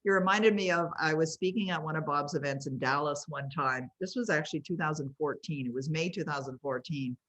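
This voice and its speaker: Brief: woman, lower voice, chatty storyteller who laughs a lot, video call audio. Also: fairly quick, few pauses, a bit bright. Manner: laughs often while telling anecdotes. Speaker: author and coach being honoured.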